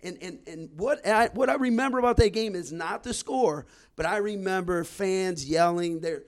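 A man in his forties from Detroit tells a rambling story on a podcast. His voice sits a little higher than most men's, and he often doubles back on his words as he goes. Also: normal speed. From Detroit, Michigan. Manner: animated, repeats words as he builds a story. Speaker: guest storyteller.

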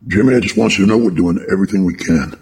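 A man's voice: sits low, racing, loud music behind the voice. A man voicing a flustered male president in a prank-call spoof, rambling and repeating himself.

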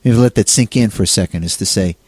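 Guy with a lowish voice chatting about faith, lots of restarts, dry close sound. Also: fast, darkish tone, husky, no room sound. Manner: rambling, many restarts and fillers. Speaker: co-host. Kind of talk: casual theological discussion.

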